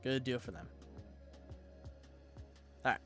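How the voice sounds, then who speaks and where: A man's voice: mid-range voice, slow, faint music behind. A young man rambling through live-stream sports commentary, thinking aloud and getting himself worked up.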